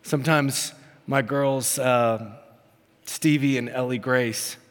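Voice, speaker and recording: A man's voice: medium pitch, steady tone, slow pace. Male pastor, 30s, earnest sermon delivery, reverberant sanctuary. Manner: earnest preaching with rising emphatic repetition. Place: church sanctuary.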